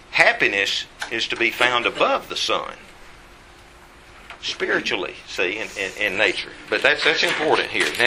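Male Bible teacher, folksy and rambling, bright sharp voice. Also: mid-range voice, a little hiss or hum, rough recording.

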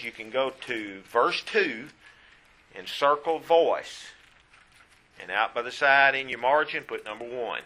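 A man's voice: medium pitch, pushed and bright. A man teaching a Bible study class, walking listeners through verses and correcting himself as he goes. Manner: instructive, stops to correct himself.

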